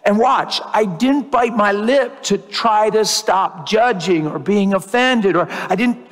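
A man's voice: high-pitched, slow pace. A man preaching a sermon, earnest and often restarting his words, building to fervent emphasis. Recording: long hall reverb.

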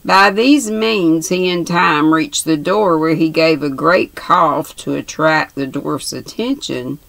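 Older lady reading a classic novel, slow, low, dry sound. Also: vocal fry, no room sound, poor audio. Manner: calm, measured reading. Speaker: reader.

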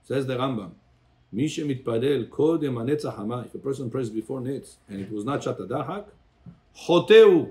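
Rabbi guy teaching a torah class, gravelly voice, keeps quizzing people by name. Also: medium pitch, darkish tone. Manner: calls on listeners by name, quizzes them; switches between English and Hebrew phrases.

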